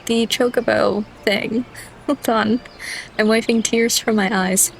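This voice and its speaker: A woman's voice: on the high side, fairly even intonation, takes it slowly, gravelly, slight background noise. A young woman reading game dialogue aloud during a playthrough, often breaking into laughter. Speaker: game streamer.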